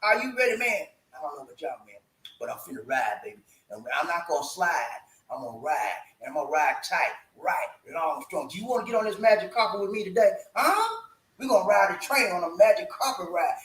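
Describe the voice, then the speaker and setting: A man's voice: sits high, very animated, brisk, fairly bright tone, reverberant, low-quality recording. A man hosting a casual live stream, playful and talkative, hyping his viewers with slangy call-and-response chants. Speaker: livestream host. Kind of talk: casual livestream chat.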